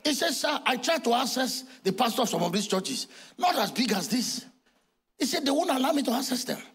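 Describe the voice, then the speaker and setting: A man in his sixties with a Nigerian accent, preaching a sermon in a church and acting out dialogue with bursts of shouting. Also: very high voice, a little fast, breathy edge. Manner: animated storytelling, acting out dialogue, often shouting. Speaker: pastor.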